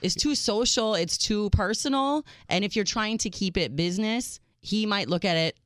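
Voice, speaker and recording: A woman co-hosting a radio talk show, speaking with lively, swooping intonation. She is opinionated, emphatic and talkative. The sound is dry and close to the mic. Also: medium pitch, normal speed, no echo. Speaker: radio co-host.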